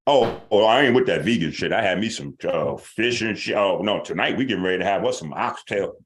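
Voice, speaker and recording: A scoffing, dismissive atheist guy, as a man mocks him, tossing off casual slang with a low voice that swings up and down. The mockery stays loose and offhand rather than theatrical. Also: animated, fairly quick.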